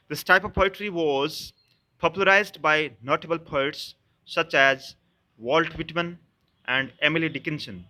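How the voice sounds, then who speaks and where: A man with an Indian English accent, a professor giving a recorded literature lecture, explaining slowly and repeating each term. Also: on the high side, bright, forceful tone. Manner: addresses students as "dears".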